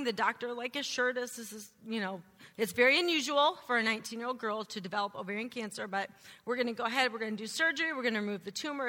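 Woman, church testimony speaker, bright higher voice, animated storyteller, long reverb of a hall. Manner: animated storytelling, acting out her teenage self. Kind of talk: testimony sermon.

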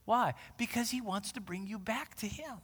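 A high, bright-voiced man in his forties delivers a lively sermon, dropping to near-conversational asides and then surging into loud, emphatic repetitions. His voice rings out with a long reverb, as in a large church hall. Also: normal speed, husky. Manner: animated, swings from quiet asides to loud emphatic bursts. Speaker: pastor.

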